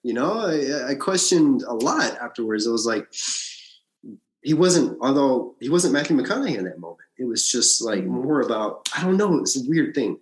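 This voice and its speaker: A man from Alabama, a podcast guest, recounting his past in animated casual storytelling, often restarting his sentences. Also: moderate pace. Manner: animated storyteller, frequent restarts and big pitch swings. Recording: echoey room.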